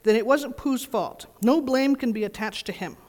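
A woman's voice: on the high side, moderate pace, darkish tone, lightly acted. A woman voicing a pompous, long-winded old male owl who speaks stately and severely in a storybook reading. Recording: reverberant church hall.

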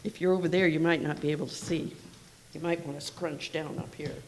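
A woman reading a picture book aloud to children in a room, expressive and lively, with asides to her listeners. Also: low voice, a little fast, a little hiss or hum, poor audio.

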